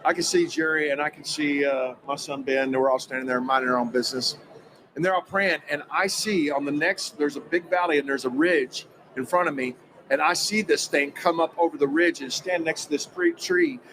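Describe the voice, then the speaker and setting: A man telling an animated story about a personal experience, acting out quoted dialogue with emphatic energy. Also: on the high side, brisk, background noise. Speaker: guest recounting a personal experience.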